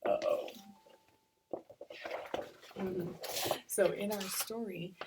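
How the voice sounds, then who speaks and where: A woman teacher giving a recorded reading lesson to young children, slowly sounding out syllables. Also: mid-range voice, steady tone, noisy background. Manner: slow, stretched-out sounding of syllables.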